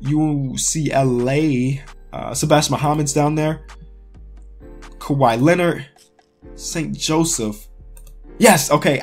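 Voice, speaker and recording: A man talks his way through a sports quiz, excitable and quick to cry out when he misses one. His voice sits a little high, and faint music plays under him. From Chicago area. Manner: excitable, talks to himself, cries out in frustration. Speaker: sports YouTuber. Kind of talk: casual quiz commentary.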